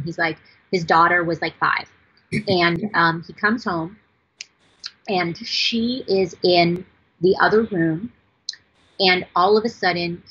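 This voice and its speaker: A woman's voice: fairly low pitch, fairly bright tone, slightly rough. A woman voice director chatting as an interview guest, rambling with many restarts as she tells stories. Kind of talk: casual interview chat. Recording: dull lo-fi audio.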